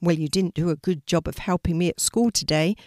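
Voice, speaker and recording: A woman's voice: medium pitch, very animated, a little slow, a little mellow, no echo, studio quality, voice pushed up. A woman voicing a curious, doubtful young girl in a storybook reading. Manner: questioning, a bit sarcastic.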